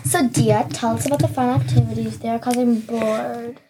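Young woman, high voice, teasing, bossy, podcast banter, audible background noise. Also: steady tone, normal speed. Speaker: podcast co-host. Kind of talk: playful kids' podcast banter.

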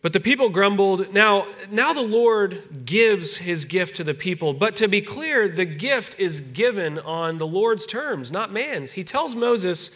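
Bright-voiced male pastor preaching. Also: high-pitched, lively intonation. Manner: conversational preaching that drops soft and slow on solemn points. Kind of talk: sermon.

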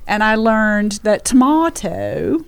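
A woman's voice: medium pitch, lively intonation, measured pace. A woman raised in England with an American accent, co-hosting a podcast and telling stories in a bantering, chatty way. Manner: bantering, storytelling. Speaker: podcast co-host. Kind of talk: casual chat.

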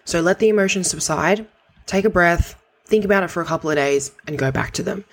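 A woman with a low, husky voice talks through practical advice like a coach. She is direct and conversational, with the odd casual swear word thrown in. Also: brisk. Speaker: podcast host.

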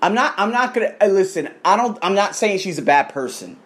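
A man in his thirties rants into the camera in a casual vlog, his pitch swinging widely as he acts out the people in his story. His talk is full of swearing and loud, expressive bursts. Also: brisk. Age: 30s. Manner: animated, profane storytelling with mimicked voices. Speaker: coach. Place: abroad in Thailand.

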